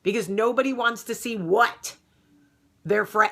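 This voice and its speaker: Bright, emphatic woman vlogger. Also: on the high side, a little slow. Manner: animated, emphatic, swings from loud outrage to calmer advice. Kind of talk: casual vlog rant.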